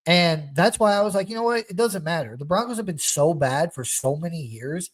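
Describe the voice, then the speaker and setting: Rambling, animated young football fan. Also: male voice, fairly high pitch, brisk, slight background noise. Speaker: podcast host. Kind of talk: casual sports chat.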